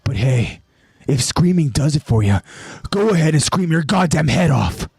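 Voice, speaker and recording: A man voicing a volatile, guilt-ridden young male soldier who shouts back in sarcastic defiance. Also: on the high side, sing-song, moderate pace, creaky, slightly rough, no room sound, pitched above the performer's own voice, exaggerated voice. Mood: defiant.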